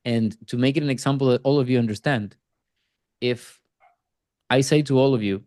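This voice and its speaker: A man teaching closing techniques to a sales team on a casual video call, acting out quick replies from prospects as he goes. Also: medium pitch, a little mellow, no echo, clean studio sound. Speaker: sales trainer.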